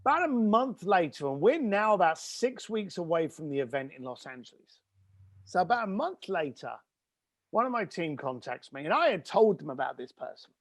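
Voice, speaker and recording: A man as a podcast guest, telling an animated anecdote and acting out other people's voices, moving between loud and hushed. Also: high voice, normal speed.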